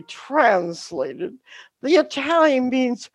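A middle-aged woman telling a story about her teaching days, with a deliberate, dramatic delivery and wry humor. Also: sits low, sing-song, no echo.

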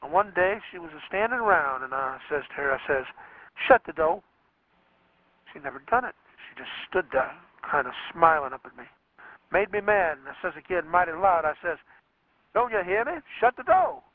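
A man's voice: a little high, animated, a little fast, no echo, natural voice. A man voicing a remorseful, grieving father who tells his story in a drawling Southern US rural dialect and rises to anguished cries. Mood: rueful. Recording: dry, tinny phone-like radio sound.

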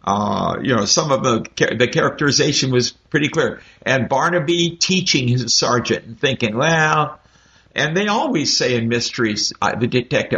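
A man talking animatedly and with strong opinions in a casual book discussion, in quick bursts. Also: medium pitch, lively intonation, a bit bright. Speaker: book club member. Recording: dull lo-fi audio.

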